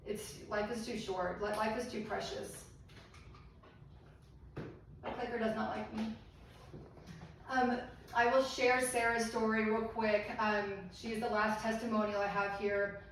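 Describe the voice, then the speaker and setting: A woman's voice: a little high, little pitch movement, unhurried, long pauses. A middle-aged woman giving a live health seminar, earnest and encouraging, asking the audience questions. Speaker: medical seminar presenter. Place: seminar room. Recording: echoey room from far off, faint noise.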